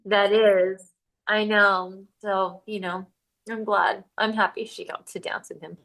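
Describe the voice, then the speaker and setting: Woman guest, soft-spoken, halting, restarts a lot, mid pitch. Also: level tone, creaky, rough recording. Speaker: guest, bereaved mother. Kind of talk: casual interview.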